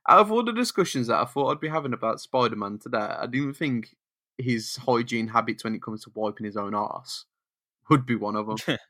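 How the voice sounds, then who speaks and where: A man's voice: mid-range voice, expressive, brisk, pushed and bright. A young man co-hosting a podcast, laughing and riffing on jokes with sweary asides. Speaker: podcast co-host. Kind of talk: casual comic book read-through chat.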